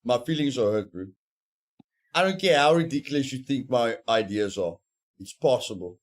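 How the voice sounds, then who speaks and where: A man's voice: medium pitch, animated, moderate pace. A man streaming a survival game, talking casually, rambling and joking in a mock-serious way. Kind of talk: casual gameplay chat.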